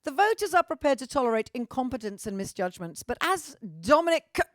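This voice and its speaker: A middle-aged British woman, a vlogger and singer, chats cheekily to her fans in a high, sing-song, brisk voice. She swears freely and jokes theatrically in a casual monologue, recorded with clean, echo-free studio sound.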